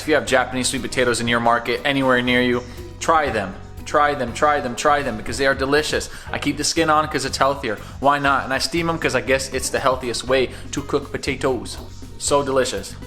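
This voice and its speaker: A food vlogger chats casually and energetically to his phone camera about his food, repeating words for emphasis. His voice is medium in pitch with a sharp tone.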